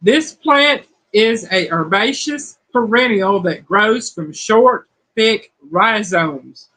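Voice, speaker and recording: On a home cooking livestream, a woman host chats casually and reads viewer comments aloud. Her medium-pitched voice is slightly bright, with lively intonation and a slow pace, though the audio quality is poor.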